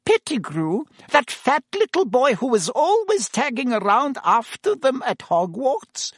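A gossipy female innkeeper, as a male reader puts her on, her voice pitched way up and darting. She sounds eager and fretful, her questions rising breathless. The voice is close and dry. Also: wildly swooping pitch, a little slow, no echo, exaggerated voice.

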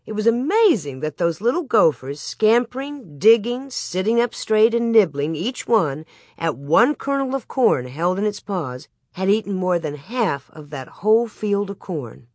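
An audiobook narrator reads a scripted storybook aloud, her delivery measured and expressive in a storytelling style. Her voice is mid-range, and the recording has clean studio sound with no room acoustics.

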